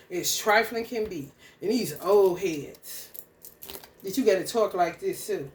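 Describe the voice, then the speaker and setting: A woman's voice: mid-range voice, animated, a little slow, roomy sound, background noise. A woman ranting angrily, confrontational and full of swearing. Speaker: spiritual content creator. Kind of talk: profane stream-of-consciousness rant.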